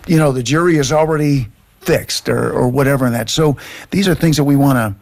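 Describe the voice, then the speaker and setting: A man, a guest, earnestly giving parenting advice in a halting way. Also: mid-range voice, vocal fry, darkish tone. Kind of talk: casual discussion.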